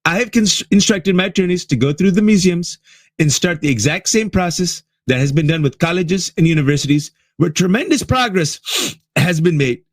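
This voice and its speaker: A man's voice: sits high, animated, normal speed, dry recording, voice pushed up. A man doing a mocking impression of a blustering, boastful older male president, with exaggerated emphasis.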